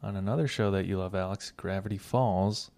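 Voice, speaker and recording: A man's voice: low voice, a little fast, gravelly, crowd noise. A man hosting a casual podcast chat, asking questions and laughing easily. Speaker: podcast host.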